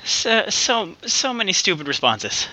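A man's voice: sits high, very animated, a little slow, sharp tone. A man telling rambling stories in casual comedic podcast chat. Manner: rambling storytelling with restarts. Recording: dull lo-fi sound.

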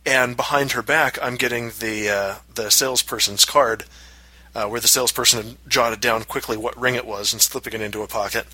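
A man on a casual podcast, telling a long personal story with animated acted-out quotes. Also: a little fast, dry recording, rough recording. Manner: animated, acts out quotes in high voices. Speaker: podcast co-host.

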